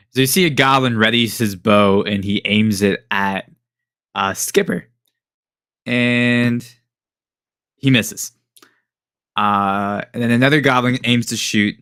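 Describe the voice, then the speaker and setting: Slow-talking, bright-voiced game master man. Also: fairly low pitch, clear, resonant tone, no room sound, studio quality. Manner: casual, hesitant, with many fillers and chuckles. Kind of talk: narrating a tabletop game.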